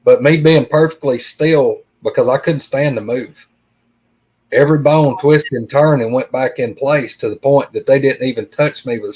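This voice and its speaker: A middle-aged man with a drawl tells a personal story as a podcast guest. His voice sits in an ordinary middle pitch, and he speaks earnestly and plainly, walking through each conversation beat by beat. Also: husky, low-quality recording. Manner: earnest, plain-spoken, retells dialogue with "I said".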